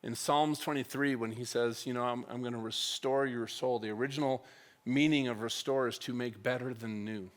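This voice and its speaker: A middle-aged man gives a story-driven talk at a church. His voice is mid-pitched, and he swings between loud, punchy lines and quiet, soft ones as he acts out the conversations. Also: moderate pace. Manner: animated, acts out dialogue with wide swings in loudness. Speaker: church speaker.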